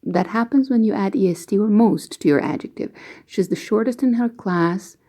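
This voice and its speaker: A woman walks through grammar rules for learners with patient, careful pacing. Her voice is mellow and relaxed, and her pitch sits in an ordinary middle range. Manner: slow, careful, patient explaining. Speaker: English teacher. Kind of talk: explaining grammar lesson.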